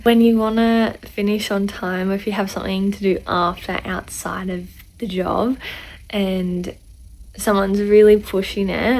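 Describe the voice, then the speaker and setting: Gravelly-voiced woman reacting. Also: mid-range voice, rough recording. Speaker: host reacting to clips. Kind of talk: reaction commentary.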